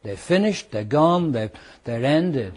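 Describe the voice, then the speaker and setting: Husky British man giving a law lecture. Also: medium pitch, expressive, a little mellow. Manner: explains with worked examples, repeats points, speeds up and slows down for emphasis. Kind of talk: classroom lecture. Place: classroom with students.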